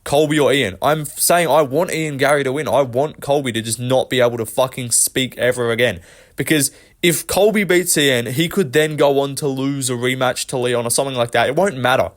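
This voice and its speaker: A man's voice: mid-range voice, fairly quick. A young man hosting a commentary vlog, ranting with frequent swearing and exasperation. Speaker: MMA commentary channel host.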